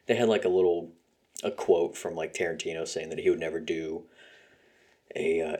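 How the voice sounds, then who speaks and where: A man's voice: sits low, dark tone. A man hosting a solo podcast, ranting heatedly with constant swearing, fillers and sarcastic laughs. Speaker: podcast host.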